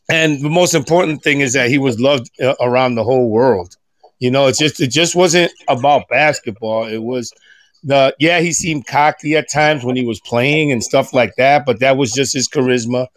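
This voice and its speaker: A man's voice: mid-range voice, no echo. A middle-aged man on a podcast, talking casually and with feeling, often stumbling and restarting his sentences. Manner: halting, many restarts and fillers. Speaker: podcast guest. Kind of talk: casual emotional chat.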